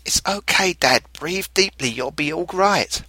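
A tearful young daughter, frightened and pregnant, pleads softly in a bright, lifted voice, as a man reading a story puts her on. The sound is close and dry, with no room around it. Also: on the high side, animated, unhurried, no room sound, pitched above the performer's own voice, exaggerated voice. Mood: soothing. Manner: soft, pleading.

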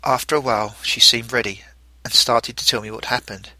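A middle-aged man tells a first-person story in a gentle, reflective way. His voice is very bright and forward. The recording is close and dry, with no room sound. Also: mid-range voice, fairly even intonation, fairly quick, dry recording. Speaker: narrator. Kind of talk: storytelling narration.

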